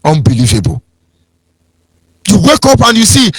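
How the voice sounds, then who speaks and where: A man's voice: high-pitched, very animated, normal speed, pauses often, fairly bright tone, breathy edge, dry recording. A man with a Nigerian accent giving an impassioned, preachy political talk on radio, swinging into sing-song mockery. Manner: preachy, sing-song, mocking impressions of others. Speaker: radio broadcast speaker.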